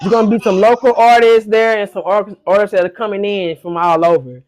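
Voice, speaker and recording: A woman hosting a casual online podcast chat, relaxed and teasing in a colloquial way. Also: mid-range voice, a little fast. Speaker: podcast host.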